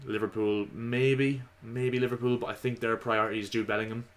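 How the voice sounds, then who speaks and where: A man giving casual, opinionated football commentary to his viewers, slightly hoarse. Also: medium pitch, level tone, brisk. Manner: chatty, opinionated, addresses viewers as lads. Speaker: football vlogger.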